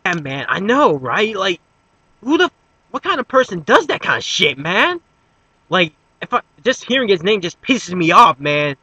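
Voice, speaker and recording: A man voicing a hot-headed young male anime hero who rants, curses and yells in fury. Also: high-pitched, sing-song, moderate pace, husky, no echo, voice pushed up, exaggerated voice, low-quality recording. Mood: enraged. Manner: shouting, cursing rants.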